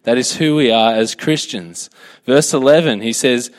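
A young man with an Australian accent preaches in a relaxed, joking way, chatting with his listeners and polling the room. His mid-pitched voice carries a long reverb, as if it fills a large hall. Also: normal speed. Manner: joking, chatty, asks for a show of hands. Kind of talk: casual sermon to a youth group.

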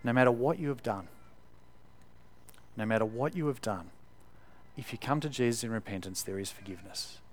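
A man's voice: mid-range voice, normal speed, pauses often, a little hiss or hum. Man preaching conversationally. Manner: conversational, emphatic, with fillers and repeated words. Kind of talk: sermon.

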